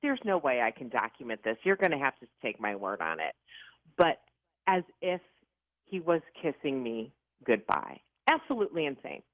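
A woman's voice: rumbling low, moderate pace, dry recording. Woman telling a tale over a tinny line. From Chicago area. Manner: lively, dramatic, self-mocking with bursts of laughter. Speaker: paranormal investigator guest. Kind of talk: animated storytelling interview. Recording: tinny phone-like line, dry.

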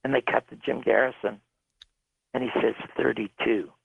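Man storyteller, gravel in the voice, somewhat high, tinny phone-line radio sound, dry. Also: moderate pace, no echo. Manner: animated storyteller, shouting out quoted arguments. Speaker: television producer telling his story. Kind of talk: recounting a story in an interview.

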